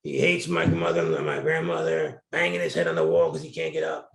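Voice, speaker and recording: A man's voice: medium pitch, very animated, a little fast, gravelly, fairly bright tone. A middle-aged man from New Jersey, a guest telling candid, colorful stories in an interview. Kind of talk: storytelling interview. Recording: roomy echo.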